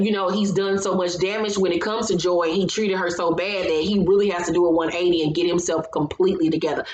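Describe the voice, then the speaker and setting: Chatty woman recapping reality TV, echoey room. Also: lowish voice. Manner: chatty and opinionated, retells scenes with asides. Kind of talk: casual episode recap commentary.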